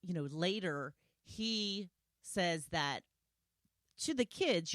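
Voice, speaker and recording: Low-voiced woman hosting a solo podcast. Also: animated, takes it slowly, fairly bright tone, no room sound, clean studio sound. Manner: conversational, retelling scenes with quoted lines. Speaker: podcast host.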